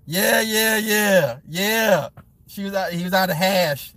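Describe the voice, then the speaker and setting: Man, 40s, stream host: slightly high voice, blunt and profane, animated, laughs a lot. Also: slow, no room sound. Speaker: live-stream host and movie reviewer. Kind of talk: casual live-stream chat with viewers.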